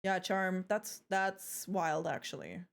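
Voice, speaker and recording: Speaking slowly with vocal fry, a young woman with a fairly low, animated voice streams live. She chats playfully with her viewers, jokes, swears freely, and often trails off before starting over.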